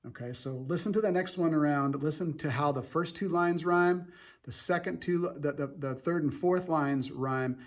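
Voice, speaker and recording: Casual man reading a book to class. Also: a little high. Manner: casual, halting explanations with restarts. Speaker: teacher.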